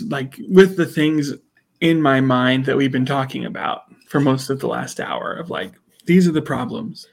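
A man's voice: a little high, gravelly. A man co-hosting a casual podcast chat, laughing often and acting out quotes from the show. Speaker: podcast co-host.

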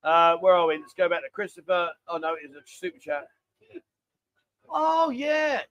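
A man's voice: on the high side, level tone, a little fast, bright, forceful tone, dry recording, highs cut off. A man, hosting a casual live chat from a bar, bantering and reading out viewer messages. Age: 40s. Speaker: livestream host. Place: busy bar.

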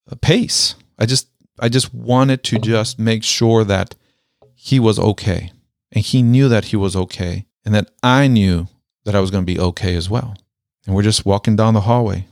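A man telling a personal story with a military background, speaking emphatically, repeating key phrases and slowing down to stress them. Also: lowish voice, a little mellow, no room sound, clean studio sound. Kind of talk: motivational storytelling.

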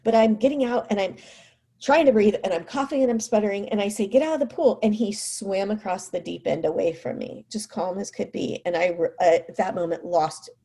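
Talking a little fast in a mid-range voice, a mother relates a personal story casually. She brings the quotes to life by acting them out, and her speech is dotted with "like" and "you know."

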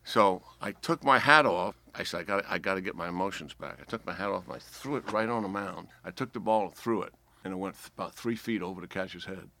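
An older man with a slight New York accent, a four-star general telling a lively anecdote as a podcast guest and acting out the voices of people in the story. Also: deep voice, fast talker, hardly any pauses. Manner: lively storyteller who acts out quoted voices.

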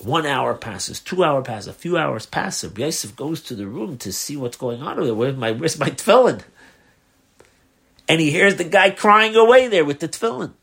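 A man's voice: a little high, a little fast, gravelly, few pauses, slightly rough. A man, a rabbi, telling a story in a loose lecture style and acting out the dialogue. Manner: animated, acts out the dialogue; loose, with fillers.

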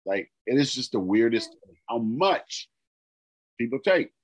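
A man co-hosting a podcast, casually telling an animated story and acting out the people in it. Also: medium pitch, measured pace, poor audio. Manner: animated storyteller, acts out quoted dialogue. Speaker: podcast co-host.

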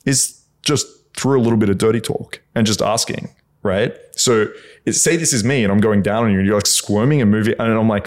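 A man's voice: on the low side, brisk. A man co-hosting a casual podcast, giving frank advice in a blunt, instructive way and swearing often.

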